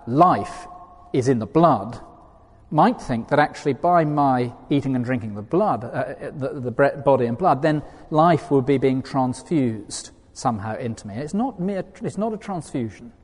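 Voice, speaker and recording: A man's voice: medium pitch, a little mellow. A man preaching a sermon in an earnest, emphatic way, reading quotations aloud to his listeners. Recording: long reverb of a hall.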